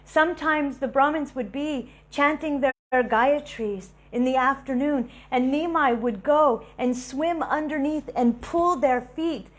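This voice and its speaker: A woman giving a devotional talk, telling lively stories and laughing between them. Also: high-pitched, measured pace, hardly any pauses. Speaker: devotional speaker.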